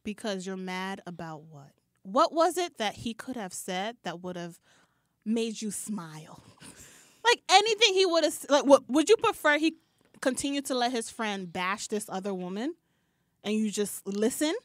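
A woman's voice: medium pitch, normal speed, dry recording, clean studio sound. A young woman co-hosting a podcast, chatting casually with strong opinions and frequent laughter. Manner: animated, laughs often, opinionated. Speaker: podcast co-host. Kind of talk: casual chat recapping a show.

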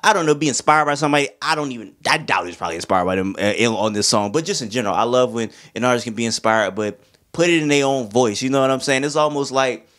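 A man's voice: mid-range voice, quick pace, a bit bright. A young man giving a casual, slangy album review, laid-back and now and then humming along. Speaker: music reviewer.

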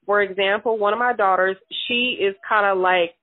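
A woman's voice: mid-range voice, steady tone, normal speed, no echo. A woman being interviewed about family routines, heard over a tinny, phone-like line with a dry sound. She talks loosely and chattily, with plenty of "you know" and restarts. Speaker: interviewed mother. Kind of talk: casual chat.

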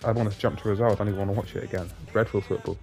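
A man giving live, sweary commentary on his own football video game, jumping between excited shouts and flat grumbling. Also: fairly low pitch, racing, vocal fry, faint music behind. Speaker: gaming YouTuber.

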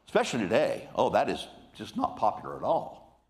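An older man preaching a sermon in a lively, conversational way, with frequent asides to the congregation. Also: on the high side, fast.

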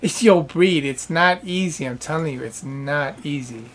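A man giving casual live gameplay commentary, swearing and reacting loudly in frustration. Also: on the high side, measured pace, a little hiss or hum. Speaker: game streamer.

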